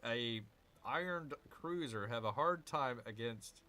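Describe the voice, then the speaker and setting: Male gaming host, animated pitch, chatty with his viewers while he plays. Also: takes it slowly. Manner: chatty, answers viewer chat while muttering over his moves. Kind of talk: casual let's-play commentary.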